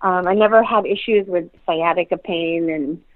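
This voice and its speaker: A woman's voice: lowish voice, moderate pace. A woman in her thirties, heavily pregnant and out of breath, chatting casually and laughing often as she rambles. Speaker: dentist, podcast host. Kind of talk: casual chat. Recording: tinny phone-like line.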